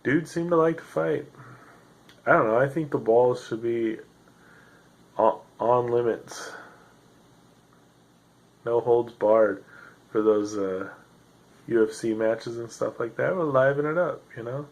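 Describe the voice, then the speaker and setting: A man's voice: mid-range voice, takes it slowly, long pauses, rough recording. A man hosting a solo podcast, rambling in a sardonic, self-deprecating way with lots of fillers, sounding tired. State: tired, yawning. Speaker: podcast host.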